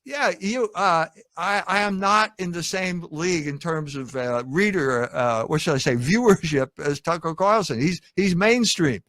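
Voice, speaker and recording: A male interviewer talks in a halting, hesitant manner, often stalling as he searches for his words. His voice is high for a man. The sound is close and dry, with no room echo. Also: expressive, a bit bright. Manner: halting, hesitant, many fillers and restarts. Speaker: host, interviewer. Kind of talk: interview conversation.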